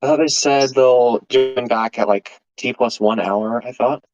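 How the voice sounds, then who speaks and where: A man's voice: medium pitch, unhurried. A man chatting over voice chat during a live reaction stream, easygoing, laughing often and stumbling over repeated words. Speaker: guest on voice chat. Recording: dull lo-fi voice chat audio.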